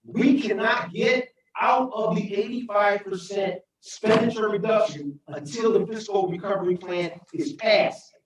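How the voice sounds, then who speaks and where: Impassioned mayor in an echoey chamber. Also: male voice, sits high, a little slow, hardly any pauses, distant mic. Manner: impassioned, repeats "right?", rises to shouting. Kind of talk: speech at a council meeting.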